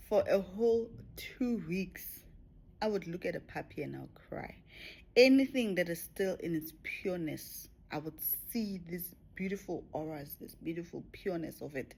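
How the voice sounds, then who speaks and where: A woman talking to camera about her spiritual experiences in a reflective way, often dropping to a soft whisper. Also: lowish voice, gravelly, breathy edge. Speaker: spiritual vlogger. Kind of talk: personal spiritual talk to camera.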